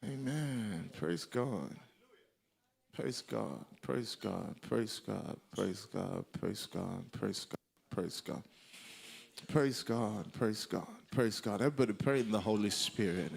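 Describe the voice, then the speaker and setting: A male preacher delivering a sermon, emphatic and repeating key lines for effect, with a gravelly voice. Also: lowish voice, lively intonation, slow.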